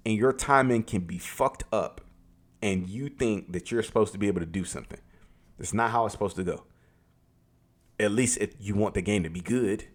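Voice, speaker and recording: A man delivers an opinionated gaming rant straight to his audience, circling back to drive each point home. He swears casually and leans hard on key words, speaking in a somewhat low voice. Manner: emphatic, repetitive, profane. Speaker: gaming commentator.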